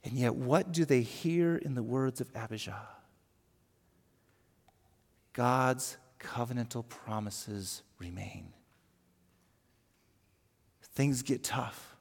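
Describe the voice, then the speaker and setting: A man's voice: medium pitch, slow pace, vocal fry, long pauses, slightly rough. A man preaching a conversational sermon as pastor, often repeating words and asking rhetorical questions. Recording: echoey hall with long reverb.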